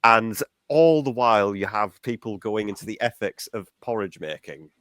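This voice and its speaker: A man's voice: on the low side, normal speed, background noise. A man chatting enthusiastically on a podcast, reviewing a film with laughs and asides. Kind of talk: casual chat.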